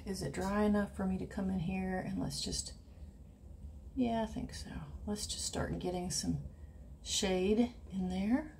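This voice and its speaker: A woman giving a casual watercolor painting tutorial, chatting and thinking aloud, and often dropping into soft murmurs as she paints. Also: medium pitch, steady tone, measured pace, vocal fry, slight background noise. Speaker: watercolor instructor.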